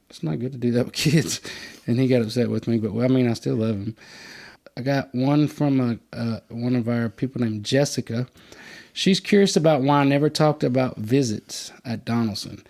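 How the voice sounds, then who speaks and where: Male podcast host, conversational and animated, mid-range voice. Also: moderate pace. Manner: animated storyteller, acts out quotes in a higher voice. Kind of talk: casual storytelling chat.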